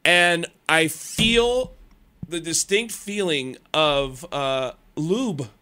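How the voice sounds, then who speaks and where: A man in his thirties telling a comic story as a radio guest, animated and stammering, acting out the other voices. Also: a little high, drawn-out words, clean tone. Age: 30s. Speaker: comedian guest.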